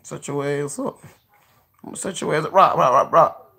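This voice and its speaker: A man hosting a casual live stream, joking, cursing freely, laughing often and giving shout-outs to viewers. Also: fairly high pitch, moderate pace, gravelly, breathy edge.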